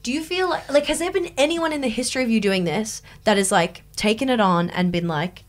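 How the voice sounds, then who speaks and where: A woman's voice: on the high side, brisk. A woman co-hosting a podcast, asking curious, probing questions in casual chat.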